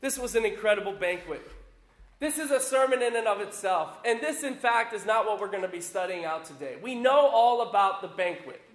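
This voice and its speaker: A pastor, a man with young children, giving an emphatic, animated sermon mixed with a personal story. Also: high voice, fairly quick. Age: adult with young children. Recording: roomy echo.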